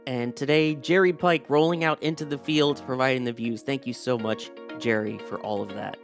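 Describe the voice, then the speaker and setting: A man's voice: mid-range voice, steady tone, normal speed, vocal fry, faint music behind. Chatty man hosting live launch commentary. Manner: chatty, reads viewer messages aloud, thanks the crew. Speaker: launch stream host.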